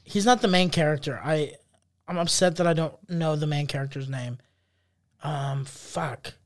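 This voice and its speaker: Speaking at a normal speed in a slightly high voice, this man co-hosts a podcast and rambles through casual chat. He hunts for words, leaning heavily on fillers and swearing.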